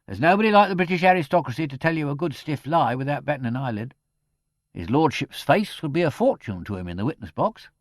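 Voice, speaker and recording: A man voicing a brash, cocky debt collector who talks loud and slangy. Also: on the high side, big pitch swings, fast, no room sound, clean studio sound, pitched above the performer's own voice.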